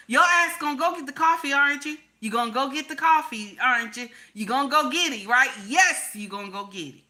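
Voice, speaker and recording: A woman's voice: high-pitched, normal speed, pushed and bright. A woman giving relationship advice in a profane, emphatic monologue, repeating her points over and over. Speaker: relationship commentator.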